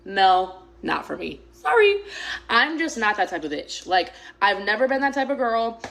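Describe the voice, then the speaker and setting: A woman's voice: mid-range voice, very animated, moderate pace, vocal fry, a bit bright. A young woman telling a dating story to camera in a blunt, profane, emphatic rant.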